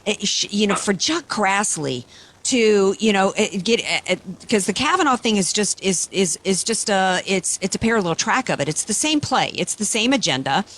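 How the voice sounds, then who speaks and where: A woman's voice: mid-range voice, animated, moderate pace, a bit bright. A woman hosting a talk radio show, speaking emphatically with repeated phrases and frequent restarts.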